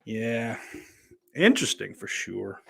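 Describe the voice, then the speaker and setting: A podcast host from New York with a Southern accent speaks slowly in a fairly low, expressive voice that's creaky, husky, pushed and bright. He reads listener comments and riffs on them in a rambling, sardonic, profane way.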